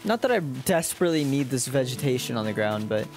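Playful streamer with a lively voice. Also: medium pitch, fast talker, faint music behind. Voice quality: playful, crude joking. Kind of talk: casual gameplay commentary.

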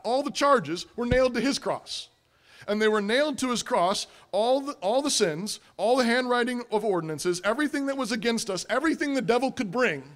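Man, high-pitched, preaching, emphatic, repetitive, rhetorical questions. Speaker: pastor. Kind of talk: sermon.

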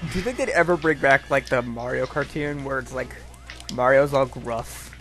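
A man bantering while playing a video game with friends, excitable and quick to exclaim and groan at the game. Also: medium pitch, soft background music. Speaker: gaming commentator. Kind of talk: casual gaming banter.

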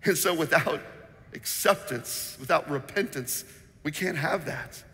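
A man preaching a sermon as pastor, telling stories with animated energy and acting out the voices in them. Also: on the high side, measured pace. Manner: animated storytelling, acts out quotes; sings snippets of a children's song. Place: church sanctuary. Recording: long reverb in a church hall.

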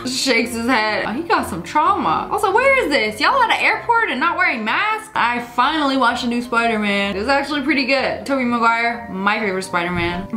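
A woman hosting a reaction video, giving playful, slangy commentary with quick joking asides. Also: a little high, sing-song, sharp tone. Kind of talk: reaction commentary on short clips.

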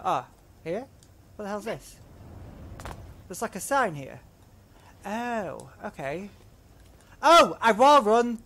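A man hosting a let's play video, giving excitable commentary that swears often and talks to himself while he plays, wearing headphones at home. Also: a little high, gravelly, slight background noise. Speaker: gaming channel host. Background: game music.

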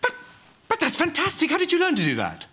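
An actor playing a camp, out-of-work English actor, theatrical and eager. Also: male voice, high voice, sing-song, fast talker, sharp tone, slight background noise, full character voice. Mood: excited.

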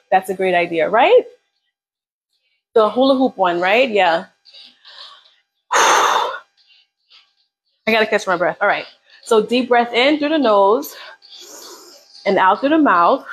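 A woman's voice: medium pitch, breathy edge, poor audio. A woman leading a live beginner workout, coaching casually and encouragingly while counting down reps. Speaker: fitness instructor.

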